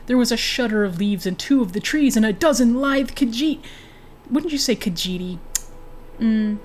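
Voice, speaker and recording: A woman's voice: on the high side, animated, moderate pace. A woman streaming a game, reading a book aloud and breaking off for chatty, giggly asides.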